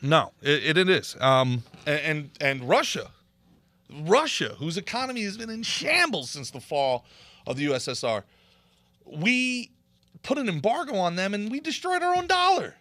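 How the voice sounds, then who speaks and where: A man hosting a podcast, talking casually in an animated, opinionated way. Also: a little high, measured pace, no echo. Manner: animated, opinionated ranting with laughs. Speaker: podcast host and comedian.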